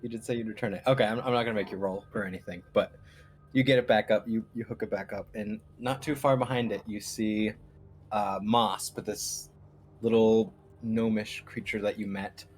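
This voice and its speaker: A man narrating as game master of a live tabletop game, in a relaxed, loose way. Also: on the low side, normal speed, slight background noise.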